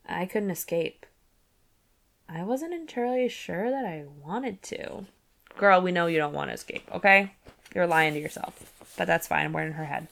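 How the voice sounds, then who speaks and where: Woman, podcast host, chatty and giggly, reads aloud, low pitch, heavy vocal fry. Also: expressive, moderate pace, fairly bright tone. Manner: chatty, giggly asides, filler "like". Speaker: book club podcast host. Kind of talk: casual chat and reading aloud from a novel.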